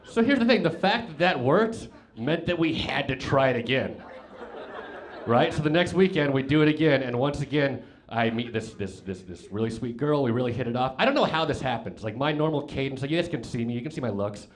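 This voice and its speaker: A young man performing stand-up comedy at a club on a handheld mic, rambling through a story with lots of fillers and sudden loud outbursts. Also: mid-range voice, animated, a little fast. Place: comedy club stage with audience laughter.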